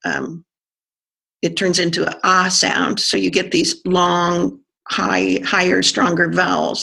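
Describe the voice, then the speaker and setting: An accent coach explaining pronunciation in conversation, pausing to think and sounding out vowels to demonstrate. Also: mid-range voice, flat delivery, vocal fry, sharp tone, slightly rough. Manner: thoughtful, pauses with fillers, sounds out vowels to demonstrate.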